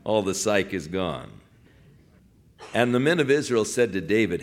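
Speaking at a measured pace with a medium-pitched voice, a preacher gives a sermon that retells a Bible story. His style is lively and folksy, and he moves between quoted scripture and his own casual paraphrase.

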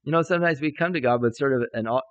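A male pastor preaching a sermon, telling a personal story and acting out the dialogue, with a lively delivery that swells into exclamations. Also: medium pitch, racing, no echo, dull audio. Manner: animated, acts out dialogue, rising to exclamations.

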